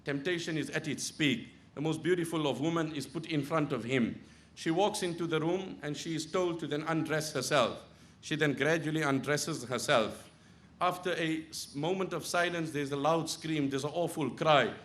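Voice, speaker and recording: Male preacher with a high voice, hushed storytelling that builds into loud pleading; sermon delivery. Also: moderate pace. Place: Islamic center.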